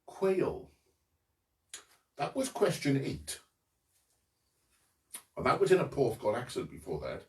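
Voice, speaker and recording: Man reading quiz questions slowly. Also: medium pitch, huge pitch swings, a little mellow. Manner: slow, deliberate reading, repeating each question and mimicking local accents. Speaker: quiz host. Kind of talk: home lockdown quiz, reading questions aloud. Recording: roomy, distant from mic.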